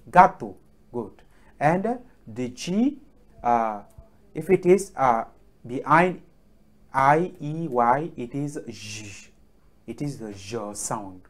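A man teaching pronunciation, speaking slowly and haltingly with many fillers and repeated drill words. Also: mid-range voice. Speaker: French teacher. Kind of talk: classroom lesson on the alphabet.

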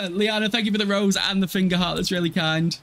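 A high, fairly bright male voice with fairly even intonation, speaking a little fast. It belongs to a gaming livestreamer from Hull, East Yorkshire, England, who chats casually with viewers as he plays, laughing frequently and swearing freely.

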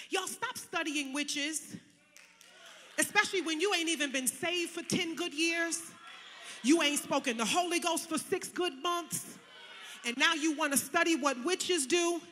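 A woman pastor preaching a sermon in a casual, colloquial way, swinging from loud shouting to soft, chatty asides. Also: very high voice, in a large hall, a little hiss or hum. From Connecticut, USA. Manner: casual, colloquial preaching with direct address to the congregation. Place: large church sanctuary.

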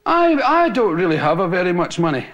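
A man's voice: sits high, big pitch swings, fairly quick, muffled recording. A Scottish man doing stand-up, telling rambling anecdotes to a laughing live audience. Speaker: stand-up comedian. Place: television studio with a live audience. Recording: loud hiss on an old TV recording.

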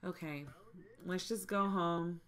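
Slow-talking exasperated woman gamer. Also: lowish voice, fairly even intonation. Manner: exasperated, repeats herself, talks to viewers directly. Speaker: gaming channel host. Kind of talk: casual gameplay commentary.

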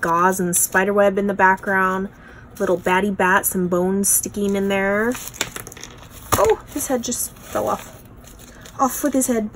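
A young woman chatting through a craft unboxing, bubbly and gushing over every little piece. Her voice sits at an ordinary middle pitch. A faint hiss of background noise runs under it. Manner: gushing, excitable, lots of "oh my gosh" and "you guys". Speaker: craft channel host. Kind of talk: casual unboxing show-and-tell.

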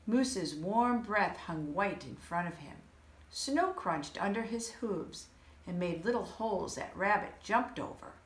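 Woman storyteller, slow, animated delivery, roomy echo. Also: mid-range voice. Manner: expressive, unhurried. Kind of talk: children's story reading. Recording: echoey room.

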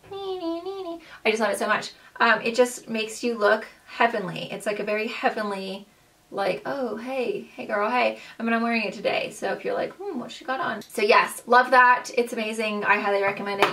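A woman's voice: mid-range voice, a bit bright. A young woman talks through her favorite makeup finds, gushing and bubbly, with plenty of "like" and "um" between thoughts. Her voice sits in a middle register and sounds a little far from the microphone. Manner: gushing, bubbly, many "like" and "um" fillers. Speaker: beauty vlogger. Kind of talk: casual monthly favorites chat.

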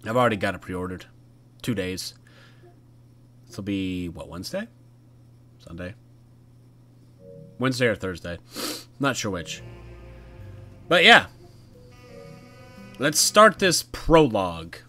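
A man's voice: sits low, very animated, slow, pauses often, pushed and bright, soft background music. A man casually commentating a horror game as he plays, chatty and jokey, talking back to the characters. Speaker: gaming YouTuber. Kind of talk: casual let's-play commentary.

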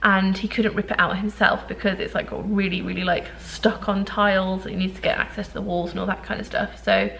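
A woman in her thirties talks casually to camera at home. She rambles through her plans with plenty of fillers and self-deprecating asides. Her voice sits at an ordinary middle pitch. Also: flat delivery, a little fast, gravelly, few pauses, fairly bright tone. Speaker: vlogger. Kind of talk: casual vlog chat.

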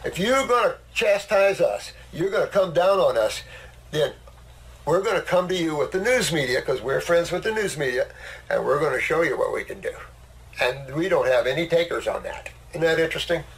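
An older man talks bluntly and boastfully as host of a casual discussion. His voice has a gravelly edge and sits a little high for a man. A faint noise runs beneath the recording. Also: expressive, moderate pace, rough recording. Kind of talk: casual conversation.

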